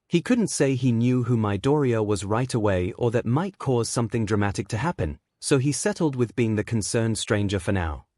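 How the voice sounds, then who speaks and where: A man reading a fan-fiction story aloud as a narrator, in a measured storytelling way. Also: mid-range voice, expressive, warm tone, no room sound, studio quality.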